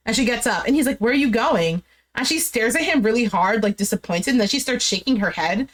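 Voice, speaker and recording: A young woman casually recapping a dating show, chatty and animated, full of "like" and quoted dialogue. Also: fairly high pitch, fairly quick. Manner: chatty, animated retelling with lots of "like". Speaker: recap streamer.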